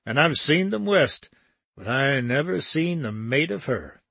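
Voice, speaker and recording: A man voicing an easygoing young man who talks in a slow, unhurried drawl. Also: fairly high pitch, very animated, gravelly, a bit bright, husky, no echo, exaggerated voice. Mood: easy.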